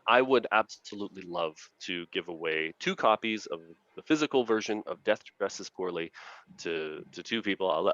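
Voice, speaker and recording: A deep-voiced man talks as an author guest, earnest and enthusiastic, quick to laugh. His voice comes through a dull, lo-fi video call with a dead, dry sound and no room around it. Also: a bit bright, dry recording. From Canada. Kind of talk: casual interview chat.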